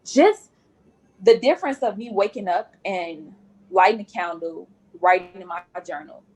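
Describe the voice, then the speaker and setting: A woman's voice: mid-range voice, animated, normal speed, darkish tone, breathy edge, low-quality recording. A woman nurse speaking as a guest on a podcast, earnest and repeating phrases for emphasis. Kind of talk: podcast interview.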